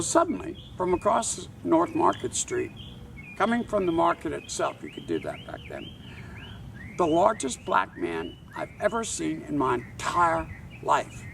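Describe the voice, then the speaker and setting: An older man tells a wry anecdote slowly and with care. His gravelly voice swings widely in pitch. He was recorded outdoors from a distance, with faint background noise. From Charleston, South Carolina. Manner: wry, measured. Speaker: tour guide and author. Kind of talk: anecdotal storytelling to camera.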